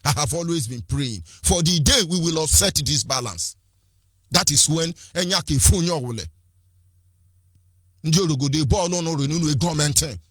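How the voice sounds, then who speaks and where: Fiery Nigerian man with a husky voice. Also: on the high side, animated, moderate pace, fairly bright tone, no room sound, studio quality. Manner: fiery, rhetorical, repeats phrases, switches into Igbo and Pidgin. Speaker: activist speaker. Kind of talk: impassioned political address.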